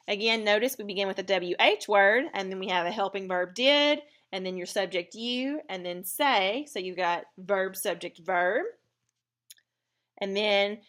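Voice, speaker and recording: A woman teacher talks through a recorded grammar lesson, breaking each point into small steps. Her voice is bright and forward, at an ordinary middle pitch. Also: moderate pace. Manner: step-by-step explaining.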